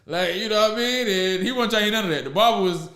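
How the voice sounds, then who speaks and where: A man with a high voice chats on a podcast, spinning animated stories and laughing between lines. The room around him is echoey. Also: fast. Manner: animated storyteller, laughs often, Southern slang. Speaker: podcast host. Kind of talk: casual podcast chat.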